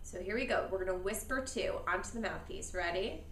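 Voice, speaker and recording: A woman's voice: medium pitch, a little fast, a bit bright, recorded from a distance, a little hiss or hum. A woman teaching a beginner saxophone lesson. She counts, models each step and has students echo after her, with patient, encouraging praise. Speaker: music teacher.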